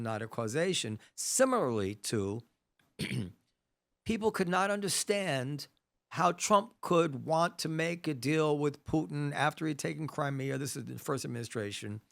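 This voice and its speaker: A man hosting a casual conversational interview, animated, thinking aloud with frequent restarts. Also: medium pitch, moderate pace, gravelly. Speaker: podcast host. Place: New York.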